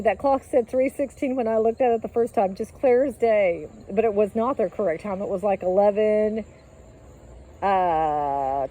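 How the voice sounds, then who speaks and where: A woman's voice: mid-range voice, mellow, poor audio. A middle-aged woman telling of a dream in an earnest, rambling way, filming on a phone while out walking her dog. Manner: earnest, rambling, emotional, with frequent fillers. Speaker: vlogger sharing a dream. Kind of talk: casual testimony to camera.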